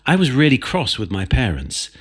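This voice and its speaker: Husky-voiced middle-aged man telling stories. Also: mid-range voice, wildly swooping pitch, normal speed. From England, early childhood in France. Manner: chatty, anecdotal, self-deprecating. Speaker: podcast guest, improviser. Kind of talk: casual conversation, storytelling. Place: comedy club.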